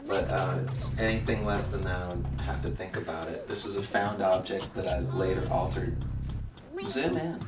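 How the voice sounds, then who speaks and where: A low-voiced man from Massachusetts chats in a playful, campy way, giggling through his asides. He sounds far from the mic in a roomy space, with music playing clearly behind him. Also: moderate pace. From Massachusetts, USA. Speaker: artist and musician interviewee. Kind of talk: candid interview and studio tour.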